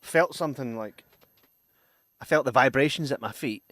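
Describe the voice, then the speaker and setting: A man's voice: medium pitch, moderate pace, fairly bright tone, dry recording. A young man co-hosting a film-review podcast, joking and bantering in casual chat and reading out listener comments. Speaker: podcast co-host.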